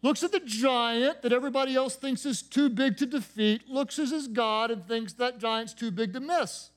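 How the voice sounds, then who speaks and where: A man with a high-pitched voice preaches with fervor. He leads repeated call-and-response chants and climbs into loud, ringing declarations. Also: normal speed, hardly any pauses. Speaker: pastor. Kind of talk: sermon.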